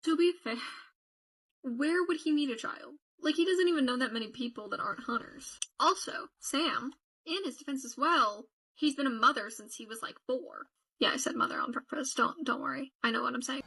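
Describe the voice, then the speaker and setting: A woman's voice: sits high, moderate pace, creaky, bright, forceful tone, breathy edge. A woman giving casual, gushing and emotional commentary as she reacts to a TV show. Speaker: reaction video creator. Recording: voice a bit distant from the mic.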